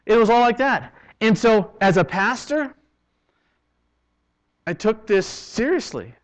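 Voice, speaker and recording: High-voiced male pastor preaching. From Canada. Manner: preaching with big swings from loud to hushed. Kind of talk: sermon. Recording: dull lo-fi recording.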